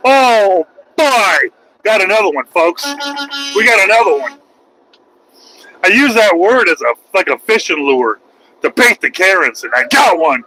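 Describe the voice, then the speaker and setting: Middle-aged man, loud profane livestream rant, bright forceful tone. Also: sits high, big pitch swings, slow pace, pauses often, faint music behind, poor audio. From United States. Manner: loud, profane and mocking, swings into shouting. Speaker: truck driver and livestreamer.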